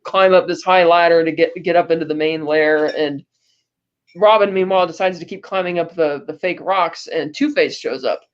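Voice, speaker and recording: A woman's voice: lowish voice, normal speed. A woman co-hosting a podcast, recapping a film in a rambling, chatty way with lots of fillers and small laughs. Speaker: podcast co-host. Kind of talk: casual film recap chat. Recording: dull lo-fi podcast audio.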